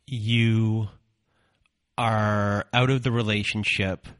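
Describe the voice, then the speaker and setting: Low, slow, flat-voiced male host. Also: no echo, studio quality. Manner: slow, measured questioning. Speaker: podcast host. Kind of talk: interview question.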